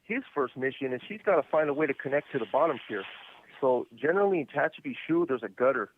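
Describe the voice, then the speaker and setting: Male host, mid-pitched, casual rambling storyteller, phone-line sound. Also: quick pace, a little hiss or hum. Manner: relaxed, rambling, full of "you know". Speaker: podcast host.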